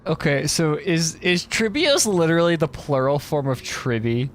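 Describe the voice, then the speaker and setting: A man's voice: a little high, lively intonation, moderate pace, a little hiss or hum. A male streamer in casual live game commentary who chats, muses aloud and repeats words while he works them out.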